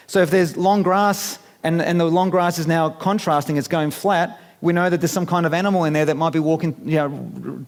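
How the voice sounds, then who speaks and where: A man, giving a chatty, playful seminar talk to a live audience in a conference room and asking them questions. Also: high-pitched. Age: 50s. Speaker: business speaker.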